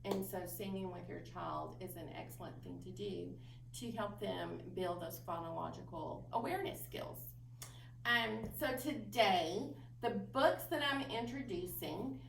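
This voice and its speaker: A woman's voice: mid-range voice, gravelly. Woman librarian explaining from a distance. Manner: patient, explanatory, with frequent ums. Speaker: children's librarian. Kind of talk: instructional talk to parents. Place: library room. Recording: roomy distant mic with faint noise.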